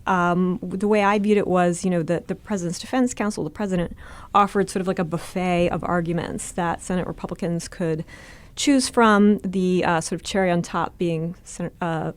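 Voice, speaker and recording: A woman's voice: lowish voice, normal speed. A woman reporter giving casual spoken analysis, thoughtful, with frequent fillers and self-corrections. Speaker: political reporter.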